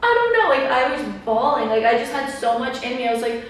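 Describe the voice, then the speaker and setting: A woman's voice: a little high, steady tone, fast talker, recorded from a distance, a little hiss or hum. A young woman hosting a podcast in casual chat, leaning on "like" and acting out what people said. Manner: chatty, fills talk with "like", acts out quotes. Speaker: podcast host. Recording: echoey room, voice a bit off-mic.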